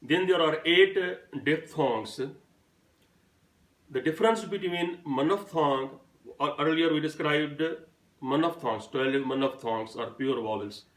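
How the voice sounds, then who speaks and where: A man's voice: a little high, a little slow, echoey room, recorded from a distance, rough recording. A man giving a phonetics lesson, carefully spelling out example words one at a time. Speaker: teacher.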